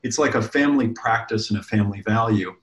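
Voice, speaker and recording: A man in casual conversation sharing parenting advice, talking in a relaxed, rambling way with restarts. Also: lowish voice, fast, roomy sound.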